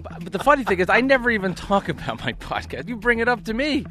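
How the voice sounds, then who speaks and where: Male producer, quick sarcastic comebacks, fast bright delivery. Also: sits high, sing-song. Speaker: radio show producer. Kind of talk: sports radio banter.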